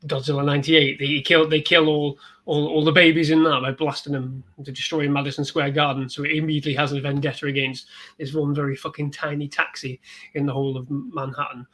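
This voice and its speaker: Male podcast guest, mid-high voice, animated, swears a lot in casual film talk. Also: quick pace, low-quality recording.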